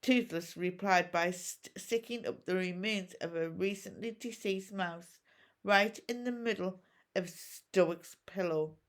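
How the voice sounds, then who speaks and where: A woman teacher reading a storybook aloud to pupils in an expressive, measured way. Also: on the low side.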